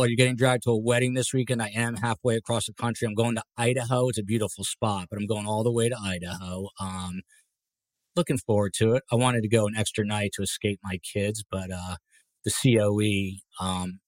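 A man's voice: fairly low pitch, level tone, fairly quick, dry recording. A man hosting a live podcast panel, chatty and rambling, with asides while he reads out viewer comments. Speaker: podcast host.

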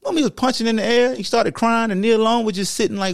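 A man hosting a sports podcast, talking with emphatic repetition that swings between low, heavy stretches and high, excited bursts. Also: quick pace, gravelly, few pauses, dry recording, studio quality. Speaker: podcast host and former football player. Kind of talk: impassioned monologue.

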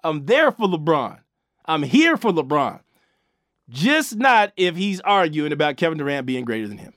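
A man with a high voice hosts a casual sports talk segment. He argues his points emphatically, restarting sentences and dropping slang as he goes. The sound is dry and close, with no room echo. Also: sing-song, moderate pace, a bit bright. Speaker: sports talk show host.

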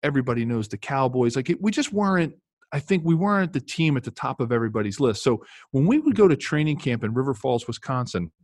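Speaking quickly and expressively at a medium pitch, an ex-pro footballer in his fifties spins loose, casual stories, restarting often and leaning on fillers. His tone is a little mellow, and the studio-quality audio has no room sound.

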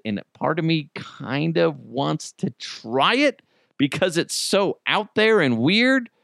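A man's voice: a little high, a bit bright, smooth, no room sound, clean studio sound. A man hosting a comedy podcast, talking in a crude, joking, rambling way. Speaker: podcast host.

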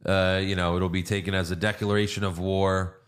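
A man's voice: low voice, little pitch movement, fairly quick. A man hosting a casual movie review podcast, retelling scenes and acting out lines with plenty of swearing. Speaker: podcast host.

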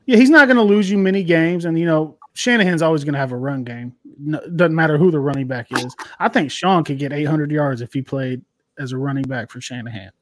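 A man in his thirties riffs on the week's games with a teasing, loose, swear-happy ease. His voice sits a little high and sounds close and dry, with no room around it. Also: brisk, fairly bright tone, no room sound. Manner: joking, teasing, swears freely. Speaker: podcast co-host. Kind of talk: casual sports chat.

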